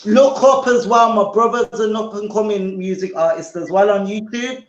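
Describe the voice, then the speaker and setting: A man's voice: high-pitched, moderate pace. A man from the English Midlands, a panelist on a boxing watchalong, joking playfully over a dull, echoey remote line. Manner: playful, jokey. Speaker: guest panelist. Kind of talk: casual live watchalong chat.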